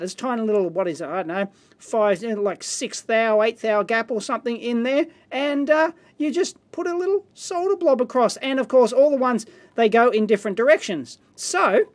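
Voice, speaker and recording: An Australian man hosting a casual unboxing and teardown, chatty and excitable, full of slang and quick asides. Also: extremely high pitch. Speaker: host.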